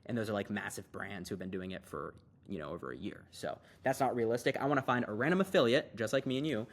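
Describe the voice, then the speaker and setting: A young man giving a casual, hyped screen-share tutorial as an online business coach, talking fast and loose with lots of fillers. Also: on the low side.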